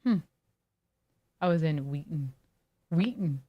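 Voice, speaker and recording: A woman's voice: low-pitched, animated, slow pace, muffled recording. A woman streamer chatting casually with her viewers, reading chat aloud and riffing on it in a laid-back way.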